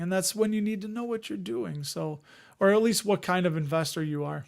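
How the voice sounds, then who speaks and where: A man's voice: sits high, a little fast, vocal fry, a little mellow. A man hosting an investing live stream, chatting casually and rambling as he answers viewers' comments. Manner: rambling, conversational, reads chat comments aloud.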